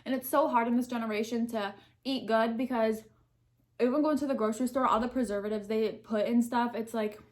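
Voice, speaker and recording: A woman's voice: a little high, steady tone, brisk. A young woman answering question cards while eating, talking candidly and thinking aloud. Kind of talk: casual mukbang chat.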